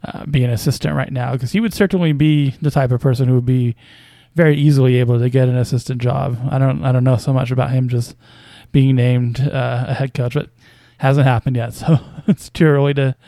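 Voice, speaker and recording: A man's voice: medium pitch, steady tone, a little fast, few pauses, warm tone, dry recording. A man casually commenting on basketball news as a podcast host, with a hesitant, wry delivery full of fillers and small chuckles.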